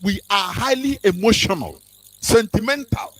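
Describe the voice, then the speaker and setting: A man hosting a radio talk show, speaking in an animated, sermon-like way with fillers. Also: high-pitched, moderate pace, rough recording. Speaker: radio host.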